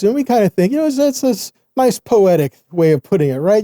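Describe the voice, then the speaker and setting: Earnest man with a dark, dry voice. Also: high voice, animated, a little fast, no room sound. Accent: Southern US. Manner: earnest, addresses listeners as guys. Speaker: teacher. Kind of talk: bible teaching.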